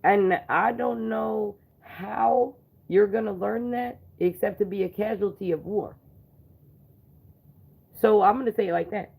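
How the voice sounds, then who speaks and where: A woman's voice: mid-range voice, measured pace, creaky, darkish tone, breathy edge. A woman hosting a livestream, ranting angrily and confrontationally with a lot of swearing. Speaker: livestream host. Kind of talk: angry profane livestream rant.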